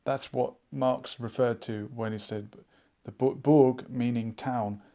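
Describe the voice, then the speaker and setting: A man hosting a live online chat show, musing out loud and reading viewers' comments aloud in a casual, thinking-aloud way. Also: mid-range voice, fairly even intonation, takes it slowly, creaky. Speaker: livestream chat host.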